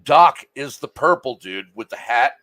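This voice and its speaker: A man's voice: mid-range voice, expressive, unhurried, bright, forceful tone, no echo. A man joining a live stream, chatting casually and telling a joke. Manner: joking, storytelling.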